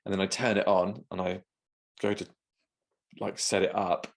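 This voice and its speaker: A man co-hosting a podcast, telling an anecdote in lively casual chat and laughing often. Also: low voice, moderate pace, gravelly. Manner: lively anecdote teller, laughs often, acts out quoted voices. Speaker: podcast co-host.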